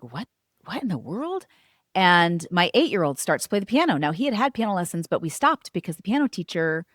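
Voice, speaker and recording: A middle-aged woman, a former teacher and homeschooling mother, telling her family's story in an interview, animated and acting out what others said. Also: lowish voice, no room sound, studio quality. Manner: animated, acts out quoted voices.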